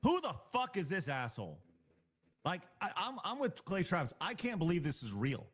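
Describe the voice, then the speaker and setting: Animated, profane streamer man. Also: sits high, moderate pace, breathy edge. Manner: blunt, profane, heated ranting. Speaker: live stream host. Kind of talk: casual reaction commentary.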